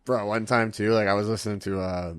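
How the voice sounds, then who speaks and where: A man hosting a podcast, telling a story in an animated, profane, casual way. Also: lowish voice, brisk, crowd noise. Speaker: podcast host.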